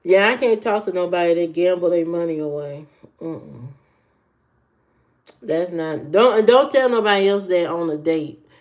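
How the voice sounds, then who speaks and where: A livestream host responds to viewers in casual chat, sharing outspoken, opinionated dating advice. She talks a little slowly in an expressive, low, slightly mellow voice, with muffled lo-fi audio.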